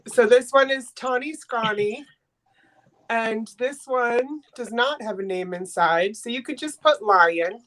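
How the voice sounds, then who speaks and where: A woman's voice: fairly high pitch, measured pace, a bit bright. Chatty woman hosting a live sale. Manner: chatty, emotional, flustered. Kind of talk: casual live-stream auction chat.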